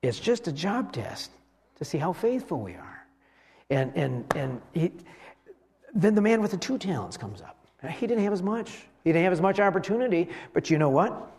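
Male pastor, sermon, fairly high voice, conversational, restarts, rhetorical questions. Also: very animated, normal speed, darkish tone.

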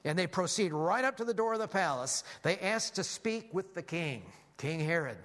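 A man preaching a sermon as a lively story, animated, with frequent restarts. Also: high-pitched, normal speed.

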